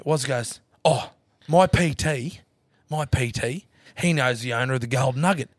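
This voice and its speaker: Appearing as a podcast guest, a man spins a long, wild yarn in casual storytelling chat, swearing freely and acting out everyone's lines. His voice is mid-range and carries no echo.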